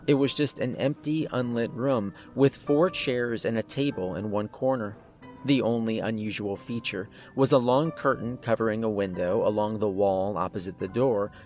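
A man's voice: lowish voice, a little mellow. A man narrating a first-person horror story in a tense, scripted way.

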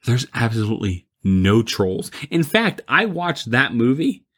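A man's voice: medium pitch, very animated, a little slow, fairly bright tone, husky. A man chatting casually about movies, rambling and mocking, laughing often.

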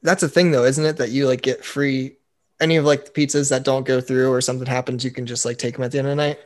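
A man's voice: mid-range voice, flat delivery, quick pace. Easygoing man co-hosting a podcast. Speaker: podcast co-host. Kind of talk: casual chat.

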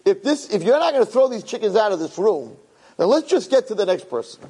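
A man voicing an impatient prosecuting Satan in a sermon story, with a husky voice and an exasperated, hurried delivery. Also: high-pitched, big pitch swings, mellow, pitched above the performer's own voice, exaggerated voice.

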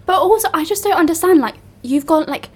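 A woman chatting casually on a podcast, animated and laughing often, with crude banter. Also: very high voice, a little fast. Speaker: podcast co-host. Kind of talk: casual chat.

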